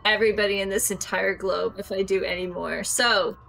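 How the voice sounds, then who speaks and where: A woman's voice: mid-range voice, fairly even intonation, fairly quick, vocal fry, fairly bright tone. A woman hosting a casual chat, joking at her own expense and tripping over words. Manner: jokey, self-deprecating, trips over words. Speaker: host and gamer.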